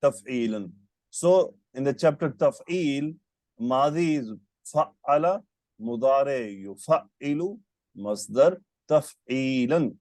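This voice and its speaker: A man's voice: medium pitch, lively intonation, slow pace, darkish tone, dry recording. A man teaching Arabic grammar in an online lesson, patiently quizzing his student with short questions over a call. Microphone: computer mic on a video call.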